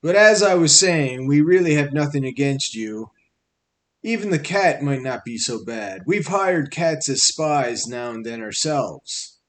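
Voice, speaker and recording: A man's voice: fairly high pitch, expressive, measured pace, fairly bright tone. A man voicing a condescending male jackal army guard who scolds and lectures the prisoners in a raised, sarcastic tone in an audiobook. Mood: explaining. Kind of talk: audiobook character voice.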